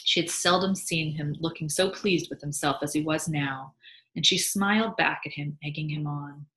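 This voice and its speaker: A woman librarian reading a short story aloud for students in a calm, measured way. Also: deep voice. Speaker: school librarian. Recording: echoey room.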